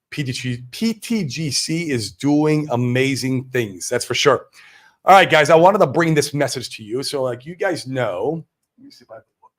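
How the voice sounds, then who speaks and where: A man hosting a crypto livestream, talking to viewers in a loose, slangy, excitable way. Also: mid-range voice. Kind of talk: casual livestream talk.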